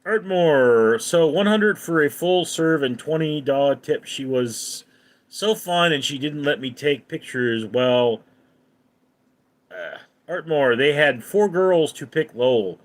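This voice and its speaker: A man's voice: fairly high pitch, expressive, slow pace. A man hosting a casual live stream, reading viewer comments aloud and answering them offhandedly. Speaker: livestream host.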